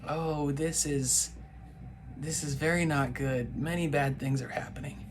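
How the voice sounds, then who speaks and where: Slow-talking man reacting to a show. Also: fairly high pitch, steady tone, over music. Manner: exasperated, talks back at the screen. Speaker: reaction video host. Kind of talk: casual reaction commentary.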